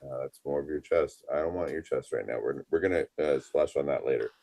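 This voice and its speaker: A man with a very deep voice, co-hosting a comedy podcast. He plays a deadpan vocal coach and teases his partner in a dry, playful way. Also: fairly quick, vocal fry, dry recording. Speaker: podcast co-host. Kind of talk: comedic banter.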